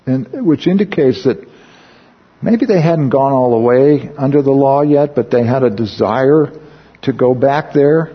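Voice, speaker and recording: A man teaching a Bible study in a relaxed, conversational way, mixing personal stories with scripture and often asking his listeners questions. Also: mid-range voice, measured pace, slightly rough. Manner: conversational, with frequent questions to the audience; tells personal stories while explaining scripture. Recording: dull lo-fi recording.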